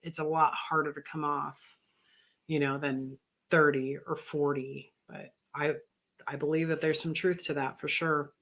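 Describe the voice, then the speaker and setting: A woman's voice: deep voice, level tone, measured pace, fairly bright tone. A woman in her fifties, co-hosting a live question-and-answer chat, rambling and tired. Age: 50s. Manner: rambling, chatty, laughs easily. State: tired, yawning. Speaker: co-host.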